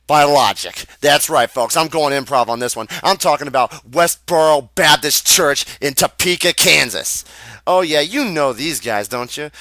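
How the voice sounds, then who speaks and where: A man's voice: a little high, sharp tone, dry recording. A young American man delivering an angry, profane, improvised rant. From United States. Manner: profane, heated, emphatic. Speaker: video ranter.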